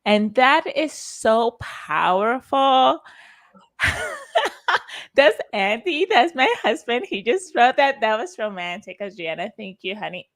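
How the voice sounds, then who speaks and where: A woman's voice: a little high, very animated, slow pace, a bit bright. A woman organizing a conference and speaking with effusive emotion and frequent restarts. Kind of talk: heartfelt conference talk.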